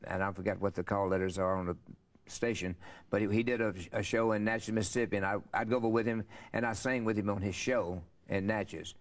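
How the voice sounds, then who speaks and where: Older man, fast folksy storytelling, low voice. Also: fairly even intonation. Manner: rambling, folksy storyteller with many fillers. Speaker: interview guest, country singer. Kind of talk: casual storytelling interview.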